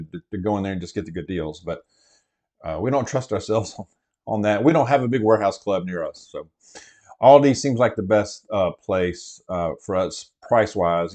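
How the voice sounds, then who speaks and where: A man's voice: fairly low pitch, a little mellow. A man hosting a casual prepper vlog, talking from inside a truck in a meandering way full of fillers and restarts. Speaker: prepper vlogger host. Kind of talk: casual rambling vlog talk.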